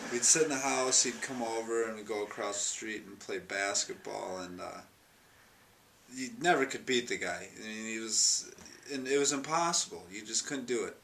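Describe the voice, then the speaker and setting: A man's voice: on the low side, bright, forceful tone. A man telling a fond, rambling personal anecdote in an interview, with many restarts and chuckles. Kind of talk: storytelling anecdote. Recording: distant mic, faint noise.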